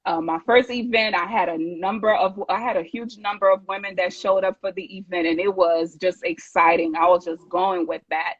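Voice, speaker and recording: A woman's voice: on the low side, steady tone, moderate pace, few pauses, breathy edge, dry recording, highs cut off. A woman speaking as a guest in a live video interview, giving a reflective, heartfelt personal account. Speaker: guest, women's event organizer.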